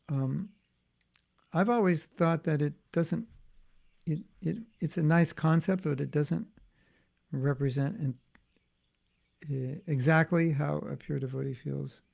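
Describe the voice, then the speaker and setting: A man's voice: on the high side, slow pace, creaky, pauses often, a little mellow. A man giving an informal devotional class as a spiritual teacher, talking in a musing, conversational way with frequent restarts and asides.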